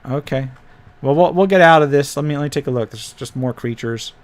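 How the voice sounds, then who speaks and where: A man's voice: mid-range voice, fairly quick. A man hosting a casual live stream, thinking aloud as he pages through tabletop game files and drops wry asides. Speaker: host reviewing tabletop game PDFs.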